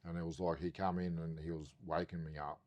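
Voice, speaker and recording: A very low-voiced Australian man tells a story the way he'd tell it to a mate. He drifts and circles back as he goes, swearing in nearly every sentence, loose and animated. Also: fairly quick, highs cut off. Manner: swears constantly, rambling and animated. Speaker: podcast guest. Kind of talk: casual storytelling.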